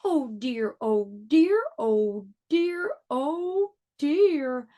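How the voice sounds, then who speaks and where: A fussing, flustered storybook queen, put on by a woman reading aloud, wails in a high voice that swoops up and down. She fusses over a kitchen disaster in a read-aloud picture book. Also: big pitch swings, slow, exaggerated voice. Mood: fretting. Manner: fretful and wailing.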